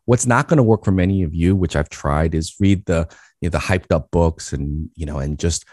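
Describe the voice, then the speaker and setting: A man from Queens, New York, telling an animated story as a podcast guest, with frequent restarts and fillers. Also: low-pitched, moderate pace, no room sound, clean studio sound. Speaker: guest, business speaker.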